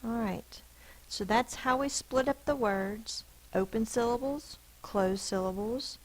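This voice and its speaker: Teacher lady going slow, sounding out each syllable for the kids. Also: on the high side, rough recording. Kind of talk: spelling lesson for children.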